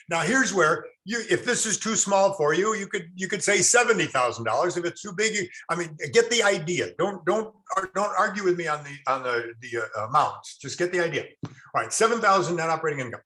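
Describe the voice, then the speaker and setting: Bright-voiced, folksy real estate instructor. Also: male voice, fairly high pitch, a little fast. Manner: animated, folksy storyteller, addresses class directly. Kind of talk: classroom teaching with anecdotes.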